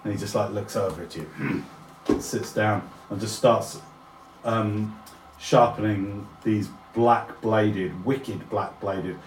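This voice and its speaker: Low-voiced man running a tabletop game. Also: slow pace, reverberant, far from the mic, slight background noise, poor audio. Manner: casual, descriptive, drops into character voices. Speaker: game master.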